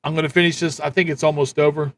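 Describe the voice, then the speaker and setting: A man's voice: on the high side, level tone, very fast, background noise. A man hosting a live stream, giving blunt, repetitive political commentary in a ranting manner. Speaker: livestream host.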